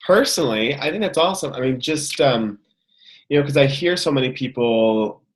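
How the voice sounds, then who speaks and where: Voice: medium pitch, animated, normal speed. A host praising the guest, with a few hesitant fillers. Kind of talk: casual interview chat.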